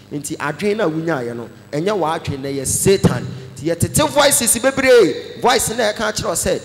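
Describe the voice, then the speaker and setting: A Ghanaian man preaching a sermon, animated, mixing Twi with English phrases and breaking into shouts. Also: high-pitched, normal speed, big-room sound, a little hiss or hum. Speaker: pastor.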